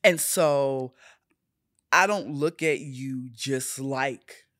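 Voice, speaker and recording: A woman's voice: extremely low pitch, a bit bright, no room sound. Earnest woman in a dry close room. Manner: emotional, earnest, drawn-out phrasing. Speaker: guest, older sister. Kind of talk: casual podcast conversation.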